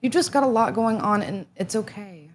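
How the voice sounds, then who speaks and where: A woman calmly reassuring a friend in casual chat on a stream. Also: mid-range voice, normal speed. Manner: soothing, reassuring.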